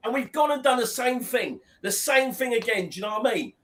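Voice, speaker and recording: Heated football fan, high-pitched, repetitive sweary rant, watchalong co-host. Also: male voice, animated, a little fast, a bit bright. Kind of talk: angry live match watchalong rant.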